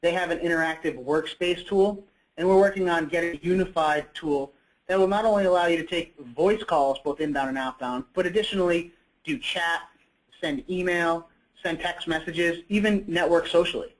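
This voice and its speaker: A man's voice: a little high, poor audio. A man presenting a product in a webinar, talking conversationally with frequent fillers and self-corrections.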